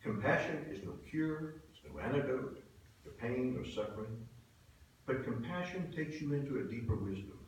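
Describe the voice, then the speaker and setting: A man in his seventies, a pastor delivering a sermon, telling stories earnestly and swinging between soft and loud. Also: mid-range voice, animated, moderate pace, recorded from a distance. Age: 70s. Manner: earnest storytelling, swelling and dropping in volume. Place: church sanctuary. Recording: very echoey hall from afar, faint hiss.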